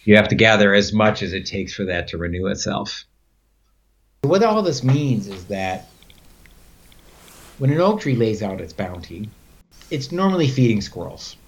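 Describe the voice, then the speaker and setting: A man's voice: on the low side, big pitch swings, moderate pace, long pauses, husky. A man telling rambling stories in a casual conversation, with many fillers and frequent laughs. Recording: dull lo-fi recording.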